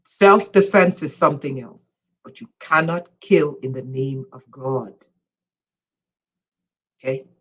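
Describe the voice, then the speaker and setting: A woman spiritual teacher giving an impassioned lecture, emphatic and loud at times, again and again urging her listeners to listen. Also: rumbling low, slow, long pauses, poor audio.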